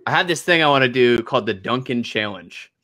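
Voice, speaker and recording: A man's voice: mid-range voice, expressive, a little fast, pushed and bright. A man hosting a casual interview, talking in a laid-back way, laughing easily and letting sentences trail off. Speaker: host.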